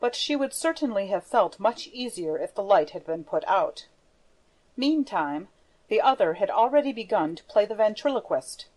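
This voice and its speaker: A woman narrating an audiobook in a measured storytelling manner. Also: mid-range voice, expressive, a little mellow. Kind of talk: scripted narration.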